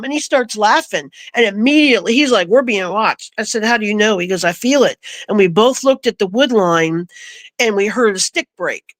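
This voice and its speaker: A woman recounting a personal story in a casual, animated way, acting out the voices she quotes. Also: on the high side, no room sound. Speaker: guest.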